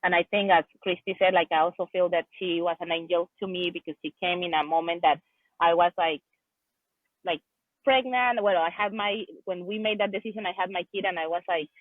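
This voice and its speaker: A woman's voice: lowish voice, a little fast, no room sound. A woman who is a business partner, a guest in an interview, answering hesitantly over a remote call, with many restarts and "like". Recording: tinny phone-like line.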